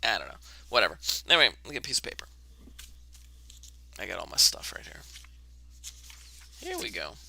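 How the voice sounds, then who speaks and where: Gravelly, bright-voiced male math teacher. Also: fairly low pitch, huge pitch swings, fairly quick, long pauses, a little hiss or hum. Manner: casual, talks to himself while setting up camera. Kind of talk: online class lesson. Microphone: webcam.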